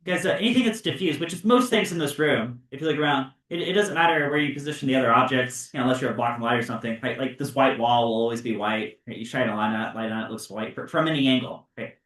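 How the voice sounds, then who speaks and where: A male high school physics teacher lecturing his class casually, with lots of fillers and checks of "right?". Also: fast, hardly any pauses, a bit bright. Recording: roomy classroom, mic far off.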